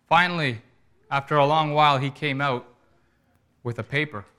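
Bright-voiced, earnest male preacher. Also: a little high, moderate pace, clear, resonant tone. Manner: earnest storytelling preacher, pleading appeals. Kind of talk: sermon.

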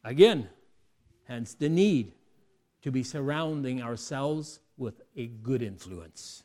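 A man preaching a sermon, moving between quiet asides and loud, emphatic peaks, often asking the congregation rhetorical questions. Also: mid-range voice, animated, slow.

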